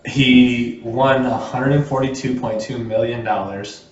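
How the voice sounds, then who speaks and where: A man's voice: medium pitch, fairly even intonation, a little slow, slight background noise. A man co-hosting a podcast in casual chat, telling stories in a laid-back way. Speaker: podcast co-host. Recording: roomy, distant, muffled podcast audio.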